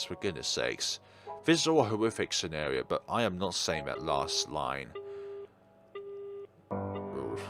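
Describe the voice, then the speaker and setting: Guy doing horror game commentary, wry asides, lively up-and-down pitch, faint music behind. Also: creaky. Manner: wry asides, reads all roles aloud. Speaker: let's play host.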